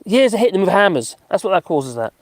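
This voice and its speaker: A man's voice: high voice, sing-song, fast talker, dry recording. Chatty man reading live chat. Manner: chatty, laughs often, mocking asides. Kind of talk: casual chat.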